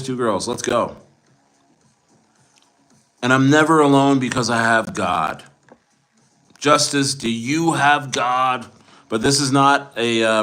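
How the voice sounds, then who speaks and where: A man's voice: mid-range voice, fairly bright tone. Boastful rambling man in his forties. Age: 40s. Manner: boastful, rambling, frequent restarts. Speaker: livestreamer. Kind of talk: livestream chat with viewers.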